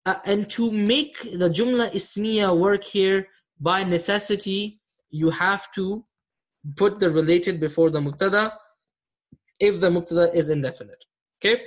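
A man's voice: sits high, measured pace. A man teaching an online Arabic grammar class, explaining patiently and often checking that students follow.

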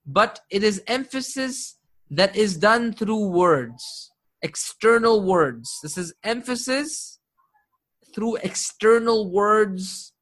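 Man, high-pitched, Arabic grammar teacher, classroom lecture, keeps checking "right?". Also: a bit bright. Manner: quizzing students with frequent "right?" and "correct?"; recites Quranic verses quickly in Arabic.

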